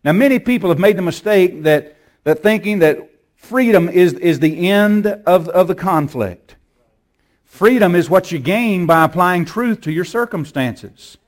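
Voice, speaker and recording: A man's voice: high-pitched, animated, a little slow. Preacher man, storytelling sermon. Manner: storytelling, rising to forceful commands. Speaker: pastor.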